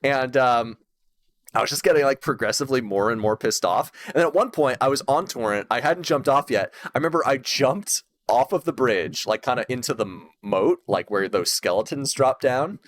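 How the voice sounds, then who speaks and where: A man in casual podcast chat about a video game, his voice rising and falling widely as he retells funny moments. He rambles, stacks fillers and restarts, and breaks into laughter. His pitch sits at an ordinary middle. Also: normal speed. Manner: rambling, lots of fillers, laughs often, animated when retelling. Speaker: podcast co-host.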